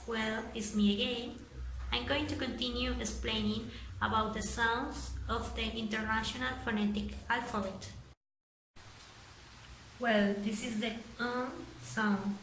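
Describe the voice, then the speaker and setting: Woman, slightly high voice, unhurried explanation, faint background noise. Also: fairly even intonation, a bit bright. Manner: chatty, with fillers. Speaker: student presenter. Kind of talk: casual explanatory lesson. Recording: echoey room, faint noise.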